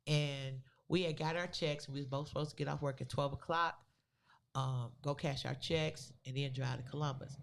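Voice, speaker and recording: A woman co-hosting a podcast, telling a personal story in a casual, animated way with loose, vernacular phrasing. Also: very deep voice, normal speed, gravelly, slight background noise. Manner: animated, acts out the people in her story. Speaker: podcast co-host.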